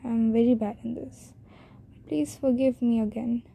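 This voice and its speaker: Hosting her own podcast, an Indian-accented teenage girl rambles through a casual monologue, shy and self-deprecating, starting over again and again. Her voice is a little high and level, creaky and slightly rough yet warm, at a measured pace.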